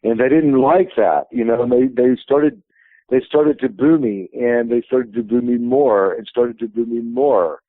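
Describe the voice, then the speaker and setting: A man's voice: medium pitch, measured pace, no echo. Man telling stories over a phone line. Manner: rambling anecdotal storyteller. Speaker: wrestling promotion president, interview guest. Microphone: telephone.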